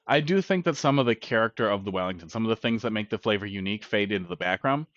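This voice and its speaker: A man's voice: lowish voice, expressive, fast, a bit bright, no room sound. A man hosting a casual cooking live stream, chatting bluntly and profanely while he eats, heard on dull lo-fi stream audio.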